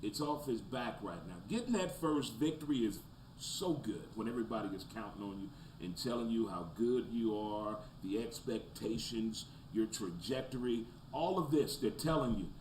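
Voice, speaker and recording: A man hosting a casual sports talk show, breaking down the weekend's games, rising into loud rants and dropping to low mutters. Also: animated, normal speed. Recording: roomy echo, faint background noise.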